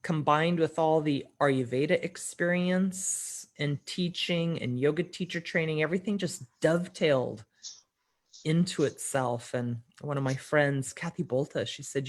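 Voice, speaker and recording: Her voice sits low and her pace is a little slow as this middle-aged podcast guest recounts something from her own life in conversation. She performs the quotes, frequently shifting her voice, with the occasional laugh.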